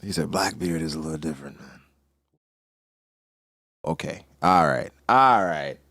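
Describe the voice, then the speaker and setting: A man's voice: rumbling low, unhurried, fairly bright tone, no echo, clean studio sound. A man hosting a casual manga reaction, talking animatedly in heavy street slang and laughing often.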